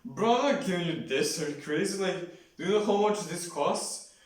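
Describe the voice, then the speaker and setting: A man's voice: sits high, moderate pace, pitched above the performer's own voice, close to an everyday voice. A man doing a scoffing greedy samurai. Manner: casual slangy scoffing. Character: greedy young samurai refusing to share. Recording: very echoey room, far from mic.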